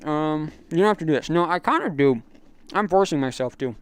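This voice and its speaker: A man's voice: on the high side, expressive, a little fast, clear, resonant tone, dry recording. A young man chatting casually on a livestream, rambling with lots of fillers while answering chat. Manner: rambling, filler-heavy, reads chat aloud. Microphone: clip-on magnetic microphone.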